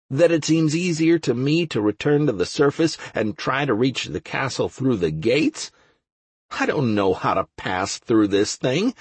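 A man narrating a first-person fantasy audiobook in a measured, wry manner with a husky voice. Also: medium pitch, very animated, no echo.

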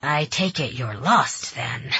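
Gruff creepy forest bum guy, a lady doing him, husky low growly drawl, storybook. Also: animated, bright, forceful tone, dry recording, full character voice. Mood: leering. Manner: slow, leering drawl. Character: dirty leering male forest vagrant, menacing. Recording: dull, dry close recording.

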